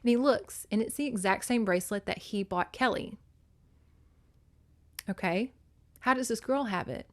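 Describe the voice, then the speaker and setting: A woman hosting a podcast, recapping a book on her phone in an animated, emotional way, swinging between loud and hushed and cursing freely. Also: medium pitch, normal speed, long pauses. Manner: laughs and curses freely. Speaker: podcast host. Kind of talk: casual book recap monologue.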